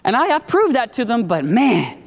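A man's voice: extremely high pitch, huge pitch swings, vocal fry, heavily acted. A preacher doing a weary, sighing fatherly God. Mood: weary tender. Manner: slow, sighing, tender. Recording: long echo of a large hall.

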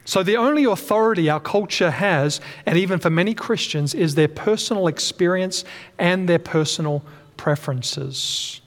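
A man's voice: high voice, moderate pace, long reverb tail. A man preaching a sermon earnestly, often restating his points and correcting himself mid-sentence.

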